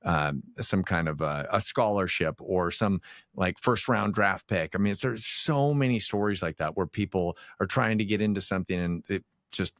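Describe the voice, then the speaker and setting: A male podcast host with a deep voice, recorded dry and close. He reflects on his guest's story and sums it up in an affirming way. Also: normal speed, a bit bright, no room sound. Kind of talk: conversational interview.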